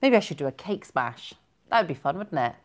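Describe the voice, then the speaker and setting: A woman's voice: deep voice, very animated, a little fast. A woman hosting a casual live stream, chatting and giggling as she reads out viewer comments. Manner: chatty and giggly, rambling with self-corrections.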